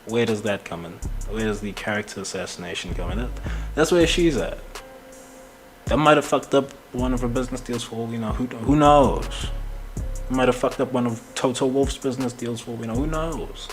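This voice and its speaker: A man's voice: medium pitch, brisk, soft background music. A man hosting a casual commentary show, rambling and heated, swearing often and laughing between points. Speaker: podcast host.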